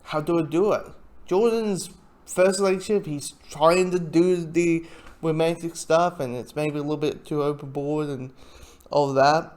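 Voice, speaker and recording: A man talks through a TV review in a loose, conversational way, restarting sentences and chuckling as he goes. His voice sits a little higher than most men's. He sounds relaxed and unscripted. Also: unhurried. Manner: rambling, self-interrupting, chuckles often. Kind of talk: casual spoken review.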